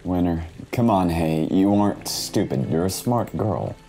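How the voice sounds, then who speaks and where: A man voicing a steady older male mentor in a game, talking low and firm to calm a student. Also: measured pace, a little hiss or hum. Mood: reassuring. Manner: low, soothing, firm reassurance.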